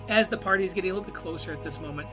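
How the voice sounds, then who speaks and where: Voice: mid-range voice, rapid-fire, over music, poor audio. A game master narrating a tabletop role-play game in a loose, rambling way with many fillers.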